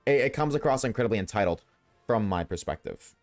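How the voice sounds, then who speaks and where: A man's voice: fairly low pitch, animated, fast talker, darkish tone, faint music behind. A man streaming a game, ranting bluntly to his live chat and swearing freely. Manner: chats with viewers while playing. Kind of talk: casual rant to live chat.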